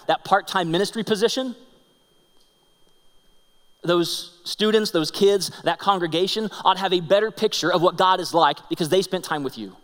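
A man's voice: a little high, fairly bright tone. A man in his thirties preaching a sermon, telling stories in an earnest way and often repeating his words. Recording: long hall reverb.

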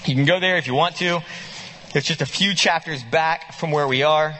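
Male pastor, sermon delivery, high bright husky voice, animated and questioning. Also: normal speed, slight background noise.

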